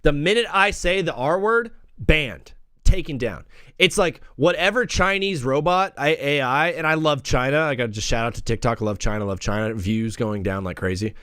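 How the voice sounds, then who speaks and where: A man's voice: a little high, normal speed, a bit bright, smooth, no room sound, studio quality. A young man hosting a live sports talk stream, brash and rambling, joking as he reads the chat. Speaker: sports talk show host.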